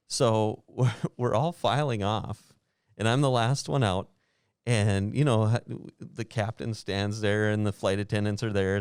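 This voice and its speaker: A man hosting a podcast, telling a travel story in a lively way, acting out what others said and laughing often. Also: fairly low pitch, measured pace, clean tone, no echo, clean studio sound. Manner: animated, acts out quoted voices, laughs often. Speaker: podcast host. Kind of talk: casual storytelling.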